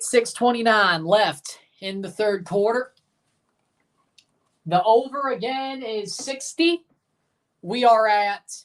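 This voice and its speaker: A woman hosting a live game watchalong, giving chatty, blunt reaction commentary and bursting into excited cheers. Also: mid-range voice, recorded from a distance. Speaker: livestream watchalong host.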